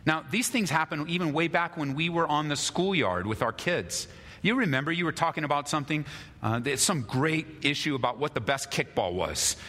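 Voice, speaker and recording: Male pastor, lively preaching, bright forceful voice, long hall echo. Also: fairly high pitch, brisk. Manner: animated, acts out quarrels in lively voices. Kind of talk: sermon.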